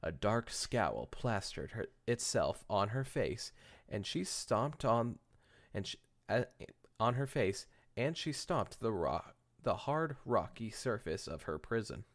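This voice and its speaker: A man's voice: lowish voice, big pitch swings, takes it slowly. A man hosting a podcast, reading fan fiction aloud with casual joking asides, stumbling and correcting himself as he goes. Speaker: podcast host.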